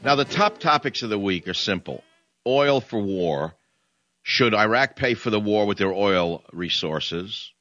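A combative man hosts a talk radio show and rants in a sarcastic monologue. His voice is low and sits forward and bright. It is close and dry, with the dull, lo-fi sound of a radio broadcast. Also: expressive, unhurried, no echo. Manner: combative, ranting, sarcastic asides.

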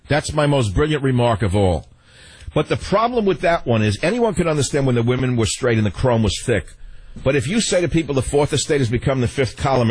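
A man's voice: mid-range voice, husky, dry recording. An older man hosting a call-in radio talk show, blunt and sardonic, laughing often.

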